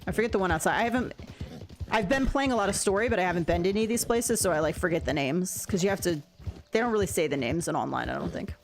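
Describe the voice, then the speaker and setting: Speaking quickly and animatedly, a female streamer rambles through her gameplay commentary, her pitch swinging as she talks to chat. She laughs easily, and there's some slight background noise.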